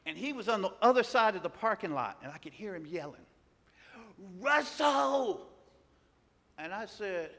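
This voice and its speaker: A man preaching a sermon, telling a personal story with animated delivery and acting out the voices of the people in it. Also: sits high, fast, hardly any pauses. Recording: long hall reverb.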